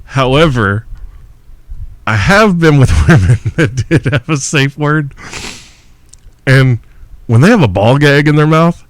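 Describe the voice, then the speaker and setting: A man's voice: medium pitch, lively intonation, unhurried, pauses often. A man hosting a podcast and answering listener questions, ranting in a brash, profane, mocking way with frequent laughter. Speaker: podcast host.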